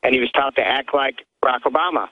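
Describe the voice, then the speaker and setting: A man's voice: mid-range voice, fast, no room sound. A man working as a radio show producer, speaking by phone and giving a hesitant, plain account. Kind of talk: phone interview. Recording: tinny phone line.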